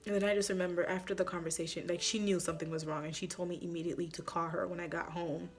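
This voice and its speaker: A woman's voice: on the low side, level tone, rapid-fire, faint music behind. A woman telling a heartfelt personal testimony in a conversational way, tearful at times, using many fillers. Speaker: church member sharing a personal testimony. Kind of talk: emotional personal testimony vlog.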